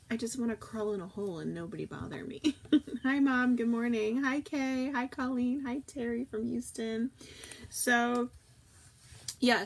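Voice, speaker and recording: A woman's voice: a little high, a little hiss or hum. Chatty woman hosting a casual live stream. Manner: chatty and rambling, greets viewers by name. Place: camper in a backyard. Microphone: old tablet.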